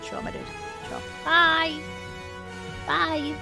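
A woman's voice: sits high, wildly swooping pitch, drawn-out words, vocal fry, over music. A young woman streaming a game, reacting emotionally, gushing, laughing and swearing at the screen. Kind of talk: live gameplay reaction.

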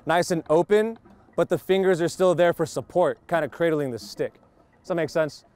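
A drum instructor wearing a wireless lavalier mic teaches a group snare drum technique, explaining step by step and frequently checking that everyone understands. His voice is fairly high, a little mellow, clear and resonant, at a normal speed.

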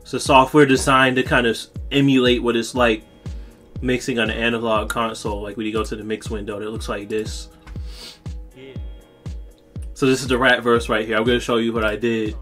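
A man's voice: medium pitch, level tone, a little fast, fairly bright tone. A man, a music producer, giving a casual, rambling studio tutorial as he walks through his own vocal takes. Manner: rambling, chatty explaining.

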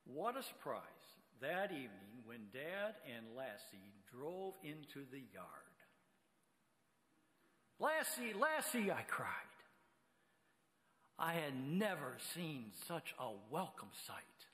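A man, a guest preacher, telling a story in an unhurried sermon delivery. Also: medium pitch, sing-song, fairly bright tone. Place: church sanctuary with long reverb. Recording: reverberant church hall.

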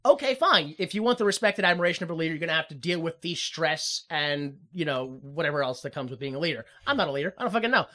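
Animated, swearing woman co-host. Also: sits low, very fast, hardly any pauses. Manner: animated, rambling, swears casually. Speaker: podcast co-host. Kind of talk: casual chat.

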